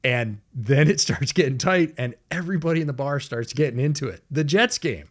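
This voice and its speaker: A man's voice: fairly high pitch, a little fast. Laughing, storytelling male podcast co-host. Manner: storytelling, animated, laughs often. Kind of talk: casual sports chat. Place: home studio.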